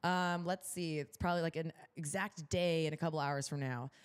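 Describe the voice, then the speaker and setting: A young woman co-hosts a casual livestream and chats in a bubbly, upbeat way. Her voice sits a little low for a woman. She talks loosely and leans on a lot of filler words. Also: fairly even intonation, moderate pace, smooth. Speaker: podcast co-host.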